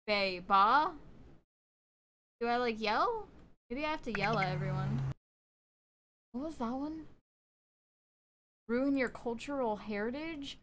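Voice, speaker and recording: A woman's voice: fairly high pitch, expressive, slow pace, long pauses. A young woman streaming a game live, chatting to her viewers in a bubbly, talkative way. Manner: bubbly, chatty, talks to viewers while playing, frequent gasps and laughs. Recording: noisy stream audio.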